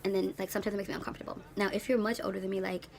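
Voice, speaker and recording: A woman in her late twenties, an English teacher, ranting in a casual vlog with sassy, animated storytelling and slang. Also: medium pitch, rapid-fire, gravelly. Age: late 20s.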